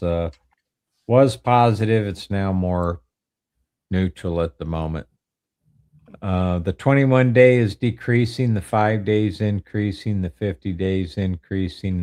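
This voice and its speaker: A man's voice: sits low, measured pace. A man co-hosting a stock live stream, methodically reading off chart indicators and trends. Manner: steady, methodical readout of indicators. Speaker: co-host, technical analyst. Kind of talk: technical chart commentary.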